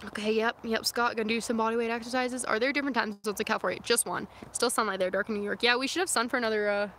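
A woman's voice: on the high side, fairly even intonation, very fast, a bit bright, slight background noise. A young woman chatting casually on a phone livestream outdoors, answering viewer comments in a rambling way full of "like" and "um". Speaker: vlogger reading live chat comments. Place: outdoors in the wilderness near her van. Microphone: phone camera.

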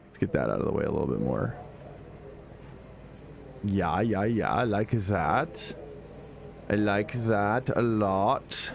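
A man's voice: on the low side, vocal fry, darkish tone, slight background noise. A man streaming sim racing, chatting casually and thinking aloud as he talks to his viewers.

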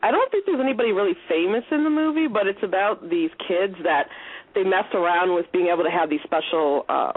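A man hosting a casual call-in radio chat, excitable and giggly, with many filler words. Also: sits high, fairly quick, slightly rough. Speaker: host. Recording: tinny phone-line sound.

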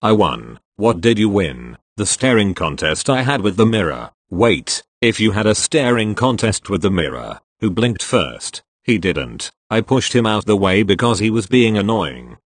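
A man's voice: fairly low pitch, very animated, unhurried, hardly any pauses, no room sound. A man narrating a comic fan video, reading made-up posts in a goofy, self-mocking way. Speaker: video creator.

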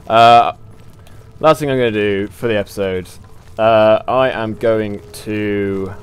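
A young adult man hosting a gaming channel rambles through casual let's play commentary in a fairly low voice, with a slight hiss or hum on the recording. He swears, mocks himself, and laughs often.

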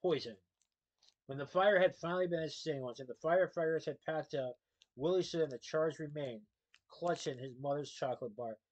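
A man's voice: fairly high pitch, a little fast, muffled recording. A man reading a children's novel aloud in a plain way, with small slips and self-corrections. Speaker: storybook reader.

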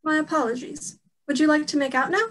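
A young woman playing a formal, emotionless female elf warrior on stage, speaking stiffly and deadpan. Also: sits high, fairly quick, rough recording. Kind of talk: stage play acting.

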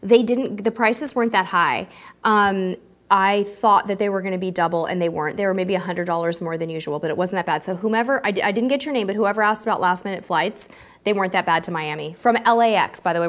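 A woman's voice: medium pitch, fast talker. A woman hosting a live cruise-advice stream, answering viewer questions and thanking supporters in a chatty, heartfelt way. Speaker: cruise show host. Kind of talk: live-stream Q&A, casual chat.

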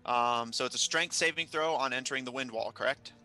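Bright, smooth-voiced male game master. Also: mid-range voice, soft background music. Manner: measured, descriptive scene narration. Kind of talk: running a tabletop game over a live stream.

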